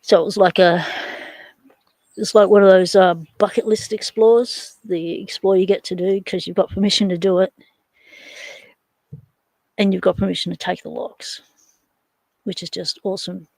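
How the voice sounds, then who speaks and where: An Australian woman with a gravelly, fry-edged voice chats casually on a livestream. She rambles and answers viewers while working on hardware with her hands, in a dry, close-sounding setting. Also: mid-range voice, fairly even intonation, moderate pace, pauses often, a little mellow, no room sound, rough recording. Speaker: livestream host.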